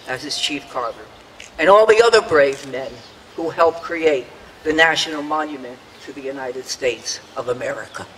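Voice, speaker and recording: Speaking at an outdoor public dedication ceremony, an older man gives an earnest, prepared memorial speech full of memories, imitating the voices he quotes. He sounds a little high and a bit bright. The low-quality recording has a long reverb tail.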